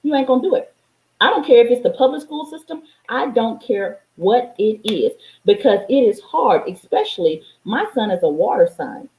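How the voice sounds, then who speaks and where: Woman life coach going off to the camera, kinda high voice, says stuff twice for emphasis, swears a lot, echoey room. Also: animated, normal speed, few pauses, a little mellow, slight background noise. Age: adult, parent of a young child. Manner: emphatic, preachy, repeats lines for stress, swears freely. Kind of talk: motivational vlog monologue.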